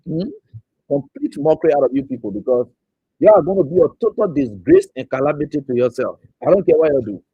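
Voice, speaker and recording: A man's voice: a little high, sing-song, fast talker, creaky, warm tone, husky, no room sound, rough recording. A man from Liberia hosting an online talk show, greeting viewers by name and mocking his critics. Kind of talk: casual political commentary.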